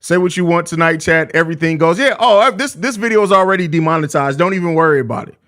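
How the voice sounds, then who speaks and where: A man's voice: on the high side, fast talker, fairly bright tone. A young man with a Chicago accent hosting a live postgame show, ranting heatedly and cursing. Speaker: podcast host.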